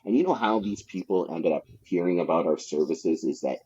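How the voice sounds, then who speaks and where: A male podcast guest with a low-sitting, husky, darkish voice speaks fairly fast. His talk is casual storytelling about sales jobs, rambling, profane and full of fillers, on dull lo-fi podcast audio.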